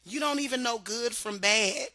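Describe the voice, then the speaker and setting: A woman's voice: on the high side, normal speed, pushed and bright, no room sound. A woman on her vlog, venting in a confrontational, profane, sarcastic way and repeating points for emphasis. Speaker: vlogger. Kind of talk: heated ranting vlog.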